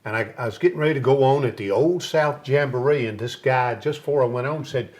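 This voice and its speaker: A man's voice: medium pitch, fairly quick. A man who is a guest on an interview show, telling stories and acting out what other people said. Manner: lively storyteller who acts out other people's lines. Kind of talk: storytelling in a casual interview.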